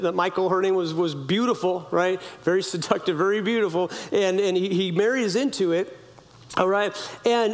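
A male pastor preaching a sermon in a casual storytelling way, acting out quotes with playful sound effects and asking the congregation questions. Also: high voice. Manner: conversational, asks congregation questions.

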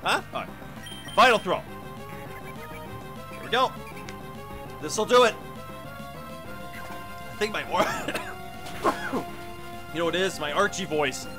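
A man hosting a game let's play, chatty and excitable, talking to viewers, his throat hoarse from coughing. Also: sits high, slow, pauses often, music in the background. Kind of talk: game commentary.

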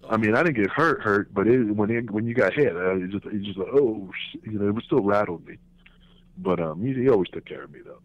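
A man, a former pro wrestler, telling backstage stories in a casual interview, animated and profane, acting out what others said. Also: on the low side, fast talker, no room sound. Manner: animated, profane, acts out quotes in raised voices. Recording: tinny phone line, dry.

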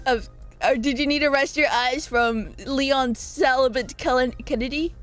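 A woman's voice: sits high, normal speed, a bit bright, soft background music. A young woman chatting casually on a live stream from her own room, playful and giggly, rambling between greetings.

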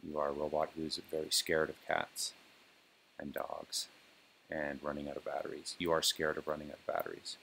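A man casually walking through a software demo and speaking commands to an on-screen robot, with plenty of ums and uhs. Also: rumbling low, normal speed, creaky, slight background noise. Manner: relaxed, filler-heavy, talks plainly to a robot program. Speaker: developer demonstrating software.

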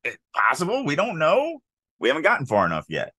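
A man co-hosting a podcast, discussing a writing submission in a casual, animated way, often acting out quoted lines. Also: fairly high pitch, brisk, husky, no room sound. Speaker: podcast co-host.

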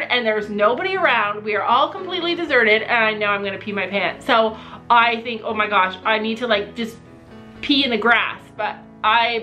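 A young woman vlogger telling a funny family story in a lively, casual way, often laughing and acting out shouted quotes. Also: a little high, poor audio.

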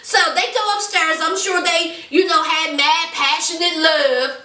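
A woman casually recapping a TV episode in a vlog, telling it as a lively story and acting out the scenes. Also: extremely high pitch, unhurried. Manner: animated storyteller, acts out the scenes. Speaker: TV episode reviewer. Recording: roomy echo, mic at a distance.

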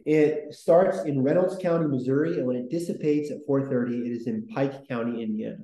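A man's voice: medium pitch, fairly quick, dark tone, reverberant, rough recording. A man hosting a casual history podcast, talking in a rambling, enthusiastic way with lots of fillers. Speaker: podcast host.

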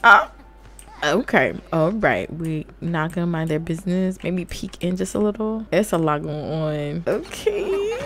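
A young adult woman giving casual let's-play commentary, animated and often laughing as she talks to her viewers. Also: lowish voice, a little slow. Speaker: gaming YouTuber.

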